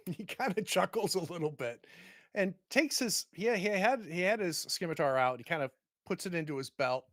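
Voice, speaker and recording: A man narrating a tabletop game as game master, in vivid, animated storytelling. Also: high-pitched, normal speed, no room sound, clean studio sound.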